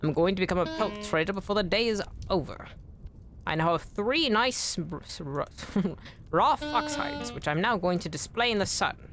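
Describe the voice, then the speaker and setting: A woman's voice: lively intonation, over music. A woman streaming a video game, chatting to viewers and swearing when she misses. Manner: swears often, quick to frustration; pitch jumps high when annoyed. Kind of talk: live gameplay commentary.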